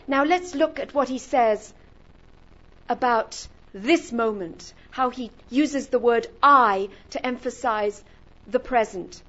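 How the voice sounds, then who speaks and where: Woman teacher, high voice, slow deliberate delivery, emphatic lecture, dull lo-fi recording. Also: a bit bright. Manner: emphatic, builds intensity through word lists. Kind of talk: lecture on a written text.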